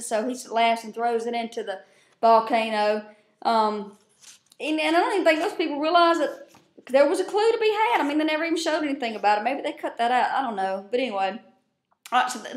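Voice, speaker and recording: A woman casually recapping a show on her vlog, chatty, profane and quick to laugh, recorded on a webcam at her desk. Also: a little high. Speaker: vlogger. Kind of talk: casual chat. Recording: roomy echo.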